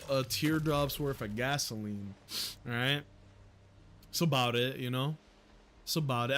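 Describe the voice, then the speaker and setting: A young American man streams a game and talks through it in a relaxed, unhurried drawl, his voice sitting a little high for a man. He swears freely and jokes around, now and then bursting into loud, excited yelps. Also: a little hiss or hum. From United States. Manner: profane, jokey, loud excited outbursts. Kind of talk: casual gameplay livestream commentary.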